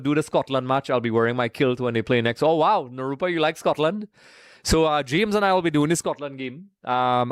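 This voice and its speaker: This is a studio-clean recording with no room sound of a Trinidadian man hosting a live watch-along stream. His mid-range voice stays casual and chatty as he greets viewers by name and calls them folks.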